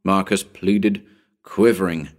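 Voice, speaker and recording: A man's voice: deep voice, steady tone, slow. A man narrating a spooky story as an audiobook, building suspense in a dramatic storytelling manner.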